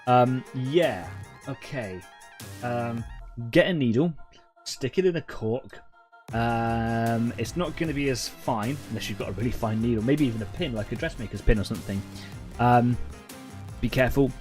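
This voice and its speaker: Casting: man in his thirties, middle-pitched, casual chatty stream host, faint music under. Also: normal speed, darkish tone. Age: 30s. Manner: rambling, chatty, many fillers and restarts. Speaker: host of a live painting stream. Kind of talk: casual live-stream chat.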